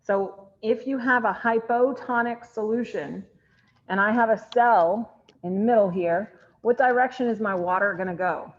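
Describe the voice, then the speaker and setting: Chatty woman, 30s, chemistry instructor on a video call; ordinary pitch, slightly muffled lo-fi audio. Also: moderate pace. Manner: chatty, asks the class questions and answers them herself. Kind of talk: online class lecture. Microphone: computer mic on a video call.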